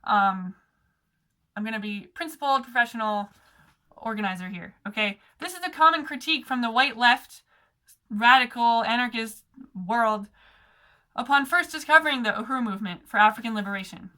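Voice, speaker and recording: A woman's voice: fairly high pitch, normal speed, pushed and bright. A young woman organizer giving an impassioned talk, sarcastic and heated, full of "like" and "okay".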